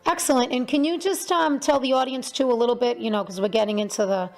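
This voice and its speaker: Casting: talkative female talk show host, fairly high voice, lots of ums. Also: steady tone, fast talker. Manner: chatty, many fillers and restarts. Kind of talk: casual interview chat.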